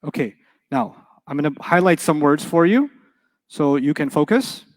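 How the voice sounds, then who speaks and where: A man's voice: fairly high pitch, animated, normal speed. A middle-aged man teaching Arabic to a live class, playful and jokey, often quizzing his students. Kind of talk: classroom lecture to a live audience. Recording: reverberant lecture hall.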